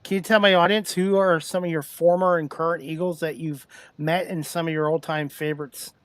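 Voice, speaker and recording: A man's voice: on the high side, fairly even intonation, a little fast, fairly bright tone, dry recording. A man hosting a talk show, asking his guest direct questions. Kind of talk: interview questions.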